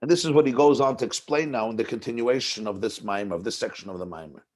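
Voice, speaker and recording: A man's voice: mid-range voice, fast talker. A man teaching a text-based class as a rabbi, explaining ideas in a conversational way and often repeating words as he builds a point. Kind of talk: text-based lecture on a Hasidic discourse.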